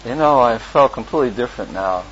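A man's voice: medium pitch, expressive, fast, a little hiss or hum. A man telling a personal story in a casual, rambling way, full of fillers and restarts and with frequent chuckles. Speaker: storyteller recalling his past. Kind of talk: casual spoken memoir. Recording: lo-fi with clear background ambience.

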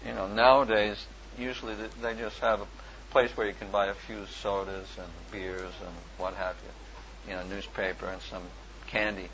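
Here the volunteer book distributor's voice sits on the low side, level in tone, a bit bright and at normal speed. He rambles through his anecdote with many fillers, "you know"s and chuckles, and faint hiss runs under the dull lo-fi audio.

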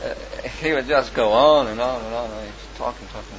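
A man's voice: mid-range voice, fast, background noise. A man telling a personal story in a casual, rambling way, full of fillers and restarts and with frequent chuckles. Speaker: storyteller recalling his past. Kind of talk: casual spoken memoir. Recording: lo-fi with clear background ambience.

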